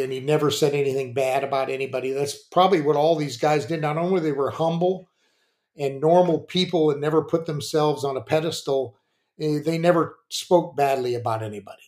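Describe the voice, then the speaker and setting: An older man, a former pitcher and coach, telling rambling stories on a podcast with plenty of restarts and fillers. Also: fairly even intonation, brisk, a little mellow. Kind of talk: casual storytelling.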